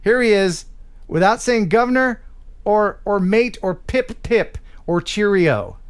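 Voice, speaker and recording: A man hosting a live drone show, chatting casually, upbeat and quick to laugh. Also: sits high, animated, smooth. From United States. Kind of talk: casual live-stream chat.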